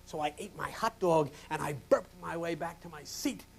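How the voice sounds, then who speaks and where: An older male pastor from New Jersey preaching a sermon, swinging from loud, emphatic questions to hushed whispers. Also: on the high side, moderate pace, creaky.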